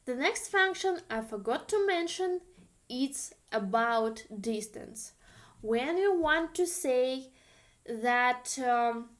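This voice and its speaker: Woman, russian accent, language teacher, slow patient delivery, slightly high voice. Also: animated. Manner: patient, repeats phrases slowly for learners. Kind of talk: online language lesson.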